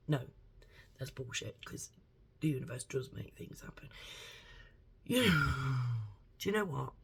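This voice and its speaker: A woman talks straight to her viewers in a loose, rambling rant. Her voice is gravelly with a husky, breathy edge. She is blunt, swears constantly and leans hard on every point. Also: sits low. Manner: blunt, heavily swearing, emphatic. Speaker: vlogger. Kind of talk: rambling opinion monologue to camera.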